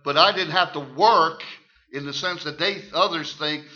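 An older man preaching his testimony in church, emphatic and folksy, repeating words and swinging from hushed tones to loud shouts. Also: fairly high pitch, moderate pace. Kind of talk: sermon testimony. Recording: muffled lo-fi recording.

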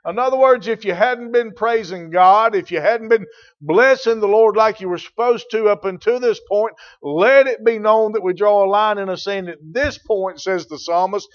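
A male pastor delivers a sermon in a fairly high voice. His delivery swings from calm, quiet teaching to loud, emphatic declarations. The recording sounds dull and lo-fi. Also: moderate pace.

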